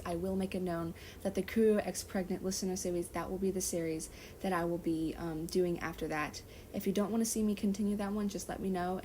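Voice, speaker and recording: Mellow-voiced woman reading fan fiction. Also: medium pitch, a little hiss or hum. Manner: self-correcting, apologizes for slips.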